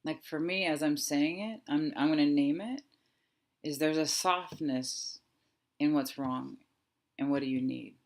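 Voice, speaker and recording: Soft-spoken woman in her thirties. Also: low voice. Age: 30s. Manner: soft, slow and reflective, with pauses. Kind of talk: guided reflective talk.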